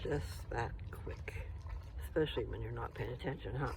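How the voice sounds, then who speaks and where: A man's voice: medium pitch, moderate pace, vocal fry, noisy background. A man rambling to his viewers as he walks outdoors along a path, recording on a handheld phone. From Colorado. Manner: rambling, talks to viewers while walking. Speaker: vlogger. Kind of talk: casual walking vlog.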